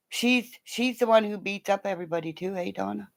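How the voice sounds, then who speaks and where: A middle-aged woman chatting casually with her live viewers, excitable, gasping and laughing often. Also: medium pitch, brisk, hardly any pauses. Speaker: livestream host. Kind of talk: casual live-chat stream.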